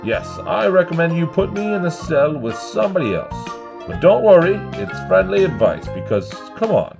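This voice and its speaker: Bane, a man playing a gravelly, boastful supervillain. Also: a little high, very animated, normal speed, music in the background. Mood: sarcastic. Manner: theatrical and sarcastic, complains at length. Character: boastful, chatty male supervillain Bane, bossy and touchy. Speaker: roleplay host. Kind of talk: Minecraft roleplay voice acting.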